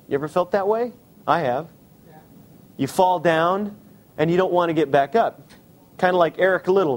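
Guy preaching a sermon, kinda high pitch, fires questions at the crowd, slows way down on the big points. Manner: direct, questioning the congregation; shifts between quick asides and slow emphasis. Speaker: pastor.

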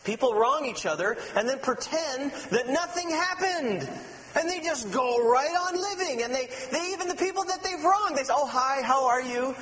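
High-pitched preacher guy telling stories from the pulpit, big reverby church, faint hum underneath. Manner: animated storytelling, dropping to a soft low voice for emphasis. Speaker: pastor. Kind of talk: sermon with personal stories. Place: church sanctuary. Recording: long hall reverb with faint mains hum.

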